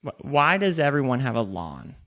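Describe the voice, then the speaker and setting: A man's voice: mid-range voice, sing-song, normal speed, fairly bright tone. A man co-hosting a podcast in casual chat, joking and swearing freely. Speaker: podcast co-host. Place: in Austin.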